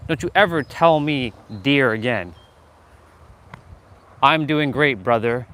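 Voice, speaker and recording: A man with a mid-range, slightly bright voice speaks slowly as he hosts a live motivational stream. He's fired up and preachy with his chat, swearing freely and calling out viewers by name.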